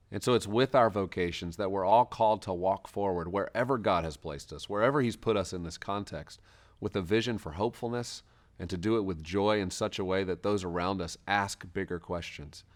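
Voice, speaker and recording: A man giving a scripted introduction to a teaching series, with a steady, measured delivery in listed phrases. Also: on the low side.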